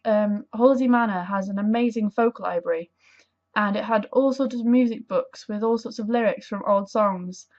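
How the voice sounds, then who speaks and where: A woman's voice: medium pitch, normal speed, darkish tone. A young woman chatting to camera in a casual vlog, bubbly and enthusiastic, rambling with self-deprecating asides. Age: young adult. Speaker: vlogger. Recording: dull lo-fi camera audio.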